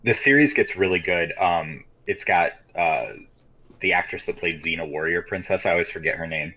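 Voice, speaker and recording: Casting: low-voiced man from Michigan, bright forceful tone, rambling swearing podcast storyteller. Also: normal speed. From Michigan, USA. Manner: rambling storyteller with many fillers, swears freely. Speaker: podcast co-host. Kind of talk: casual chat. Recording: dull lo-fi podcast audio.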